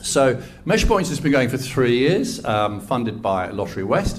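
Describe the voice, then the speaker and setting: At a live event, an ecosystem engagement lead in his sixties delivers a chatty, enthusiastic talk with plenty of self-deprecation. His mid-range voice swings widely in pitch at a normal speed, with a West Country English accent from England and a faint hiss or hum behind it.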